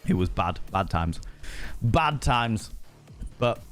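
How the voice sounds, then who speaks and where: A young man chatting casually on a live stream, animated and swearing freely, jumping high in pitch for emphasis. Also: slow, faint music behind.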